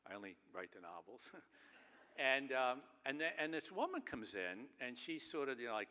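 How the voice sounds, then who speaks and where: Bright-voiced man telling wry stories in a theater. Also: mid-range voice, very animated, a little fast. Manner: wry, self-deprecating storytelling with chuckles. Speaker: keynote speaker. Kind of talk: humorous anecdotal speech. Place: large theater stage. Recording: long reverb of a large theater.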